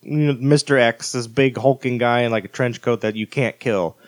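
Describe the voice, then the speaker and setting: A man in easy conversation on a podcast, with a mid-range voice. He talks in an animated, enthusiastic way, often stringing thoughts together with "like.". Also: medium pitch, moderate pace, no room sound, studio quality. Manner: animated, enthusiastic gamer talk. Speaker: podcast co-host. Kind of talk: casual chat.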